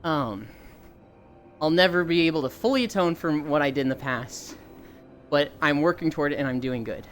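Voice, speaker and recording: A woman's voice: low voice, moderate pace, soft background music. A woman streamer chatting casually about a role-playing game, teasing and swearing. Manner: animated, swears and teases. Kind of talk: casual gaming chat.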